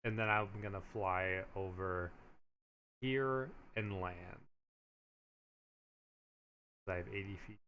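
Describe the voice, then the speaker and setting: A man's voice: low-pitched, fairly even intonation, slow pace, long pauses, bright, forceful tone, a little hiss or hum, poor audio. A man playing a tabletop game, talking through his moves step by step. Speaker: player.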